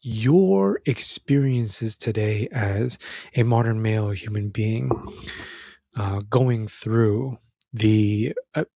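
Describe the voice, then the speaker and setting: Young man, casual film chat, lively rambling delivery, calls you brother, dry close sound. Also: lowish voice, slow pace, vocal fry, dry recording. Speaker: men's self-help film commentator. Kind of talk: casual monologue about a film.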